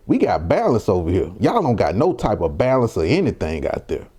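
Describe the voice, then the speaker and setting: A man's voice: mid-range voice, big pitch swings, a little fast, hardly any pauses, mellow. A young man from Mississippi, giving heated, provocative reaction commentary full of rhetorical questions. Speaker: commentary vlogger.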